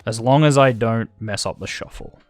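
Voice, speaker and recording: A man's voice: mid-range voice, normal speed, no echo, soft background music. A man with an Australian accent giving casual, self-deprecating let's-play commentary, thinking aloud as he plays. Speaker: gaming channel host.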